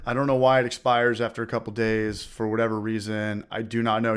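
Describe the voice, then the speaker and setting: A man hosting a casual homebrewing livestream with a loose, profane manner, repeating phrases, giving shout-outs and now and then fighting off a smoker's cough. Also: lowish voice, level tone, brisk, clean tone. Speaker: livestream host of a homebrewing channel. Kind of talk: casual livestream chat, reading out viewer comments.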